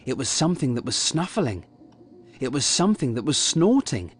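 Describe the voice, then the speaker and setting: A man reading a children's picture book aloud in a slow, lively storytelling manner. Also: medium pitch, a little hiss or hum. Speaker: storybook reader.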